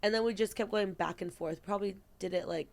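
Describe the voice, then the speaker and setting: A young woman co-hosting a podcast, telling an animated story in casual chat, acting out quoted lines and swearing freely. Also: medium pitch, quick pace, creaky. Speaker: podcast co-host.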